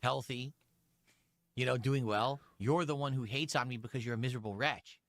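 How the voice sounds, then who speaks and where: A man's voice: medium pitch, moderate pace, a bit bright, no room sound, studio quality. A man on a stream clip, insisting defensively that he is happy and doing fine.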